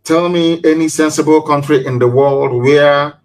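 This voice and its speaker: A man's voice: fairly high pitch, steady tone, moderate pace, rough recording. A man giving an impassioned live broadcast speech as a political leader, repeating himself for emphasis and firing off rhetorical questions. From Nigeria.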